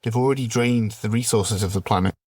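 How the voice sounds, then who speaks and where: A man co-hosting a comedy podcast, telling a silly story and bantering in a deadpan way. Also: on the low side, fast talker, slightly rough, dry recording, studio quality. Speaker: podcast co-host.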